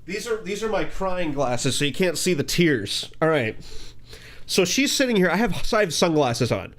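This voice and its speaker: A man delivers sarcastic reaction commentary with a widely swinging, expressive pitch. He sounds mocking and exasperated, and every so often he breaks into outraged shouting. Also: normal speed.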